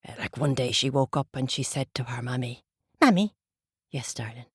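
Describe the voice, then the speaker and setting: A woman telling a traditional tale to children in a slow, gentle way. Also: rumbling low, flat delivery, husky, dry recording, studio quality. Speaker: storyteller. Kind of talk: oral storytelling for children.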